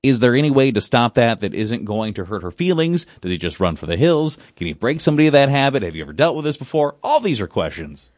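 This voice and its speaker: A man's voice: mid-range voice, big pitch swings, quick pace, hardly any pauses, a little mellow, no echo, studio quality. A man co-hosting a radio talk show, chatting in a playful, joking way. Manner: playful, joking, laughs easily. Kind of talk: casual radio chat.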